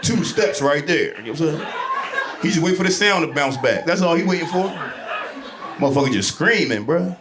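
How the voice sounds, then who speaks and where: A man doing a crude, brash stand-up set on a club stage, breaking into shouted bits. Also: on the high side, animated, brisk, reverberant, background noise. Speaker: stand-up comedian. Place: comedy club stage before a laughing audience.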